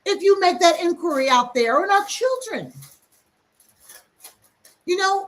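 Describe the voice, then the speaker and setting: A woman hosting a reflective teaching talk, speaking emphatically and acting out quick asides. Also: extremely high pitch, lively intonation, a bit bright. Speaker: host.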